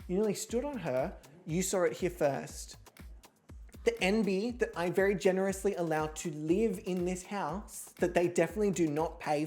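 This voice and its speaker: A woman's voice: on the low side, mellow. A woman streamer giving casual gameplay commentary from home, with sarcastic, profane, theatrical rants. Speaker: gaming streamer.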